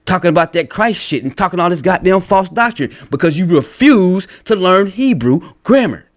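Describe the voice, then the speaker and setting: A man's voice: high-pitched, very animated, moderate pace. Blunt profane man ranting. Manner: lectures while reading out comments. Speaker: religious commentator. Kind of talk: angry reaction rant.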